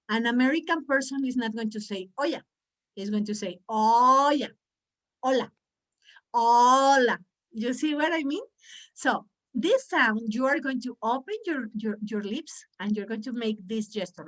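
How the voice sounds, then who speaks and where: A woman's voice: on the high side, moderate pace. A woman whose first language is Spanish, teaching English pronunciation in an online class and exaggerating sounds to demonstrate them.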